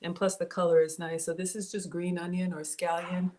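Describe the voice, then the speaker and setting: A woman with a lowish voice talks fairly quickly in a flat manner while casually chatting on a cooking livestream. She greets viewers by name from her kitchen, and the cell phone and tablet recording is noisy.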